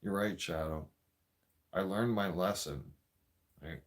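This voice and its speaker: A man's voice: deep voice, slow pace. A man telling a profane, rambling story in a casual rant. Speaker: vlogger.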